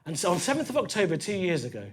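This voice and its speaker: A man in his thirties with a London accent, performing a stand-up set in a comedy club, conversational and punchy, with quick asides to the crowd. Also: sits high, big pitch swings, slightly rough. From East London.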